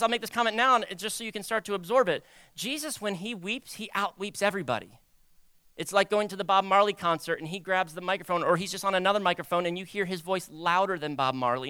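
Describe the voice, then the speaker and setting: A young man preaching a sermon in a conversational, animated way, acting out quoted voices. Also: high-pitched, smooth, no room sound. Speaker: pastor.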